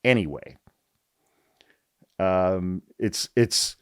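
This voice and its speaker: A man's voice: low voice, animated, drawn-out words, clean tone, no room sound, studio quality. A man hosting a political podcast, speaking bluntly and heatedly, swearing often and repeating his points for emphasis. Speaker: podcast host. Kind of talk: political commentary podcast, reading an article aloud.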